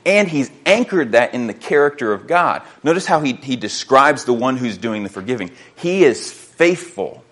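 A man's voice: medium pitch, expressive, a little fast, hardly any pauses, a bit bright. A man preaching a sermon as pastor, reading scripture aloud and often repeating words as he works through his thoughts. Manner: earnest, repeats words while thinking, reads scripture aloud.

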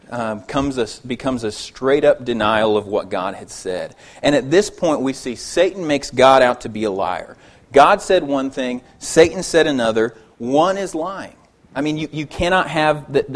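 A man preaching a sermon as a pastor. He repeats words as he restarts phrases, and he reads scripture aloud in a steadier, lower voice.

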